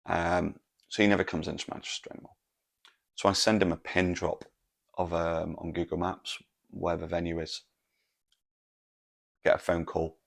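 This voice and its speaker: Low gravelly man, rambling. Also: moderate pace, long pauses. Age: 40s. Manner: rambling, sweary, deadpan. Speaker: podcast host. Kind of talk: casual storytelling monologue.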